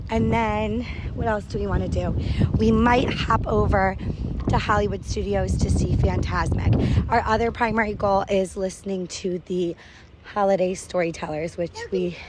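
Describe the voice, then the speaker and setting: Woman in her 30s, upbeat rambling vlogger recording on a phone outdoors, clear crowd and ambient noise behind her. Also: mid-range voice. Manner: chatty and upbeat, rambling with self-corrections. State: out of breath while walking. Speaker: podcast host vlogging a family park trip. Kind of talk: casual on-the-go audio diary. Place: outdoors at a theme park, walking.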